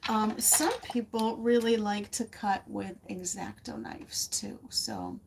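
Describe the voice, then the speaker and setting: A woman's voice: medium pitch, steady tone, slow pace, gravelly, slight background noise. A woman giving a casual, rambling craft lesson from a home studio, laughing often as she chats with viewers. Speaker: art teacher.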